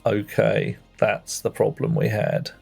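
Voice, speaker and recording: A man's voice: lowish voice, completely flat delivery, slow pace, gravelly, a little mellow, slightly rough, faint music behind. A man chatting playfully with viewers while playing a game on a livestream, greeting them by name. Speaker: streamer. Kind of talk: casual livestream chat while gaming.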